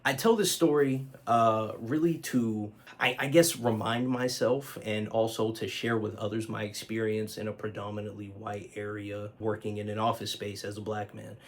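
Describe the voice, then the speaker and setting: A man's voice: fairly low pitch, fairly even intonation, normal speed, few pauses. Casual storytelling man, fillers and swearing. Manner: loose and conversational, many fillers, swears freely. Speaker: vlogger.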